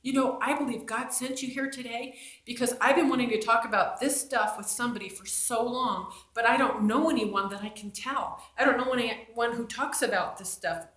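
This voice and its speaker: A man's voice: very high-pitched, normal speed, sharp tone, reverberant. A woman voicing an eager, friendly male hotel clerk who earnestly wants to talk.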